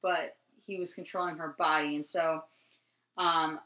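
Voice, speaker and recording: A woman from New Jersey co-hosting a podcast, telling a story in casual chat, rambling and profane with many ums and quick laughs. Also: low-pitched, flat delivery, bright, forceful tone. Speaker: podcast co-host. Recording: roomy echo.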